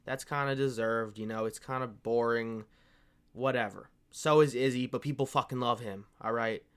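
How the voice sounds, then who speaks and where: A man rants about fighters in a loose, casual way, swearing freely and getting worked up as he rambles. His voice sits at an ordinary middle pitch for a man. He keeps tossing "bro" and "man" at his audience. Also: fairly even intonation, moderate pace, smooth. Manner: profane, fired-up and rambling, calls viewers "bro". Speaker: MMA commentary channel host. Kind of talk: casual opinion rant.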